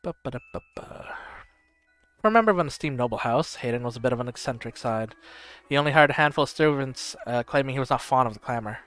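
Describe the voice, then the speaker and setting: A man streaming and reading a story game aloud in steady first-person narration, with occasional slips. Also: medium pitch, fast, smooth, faint music behind.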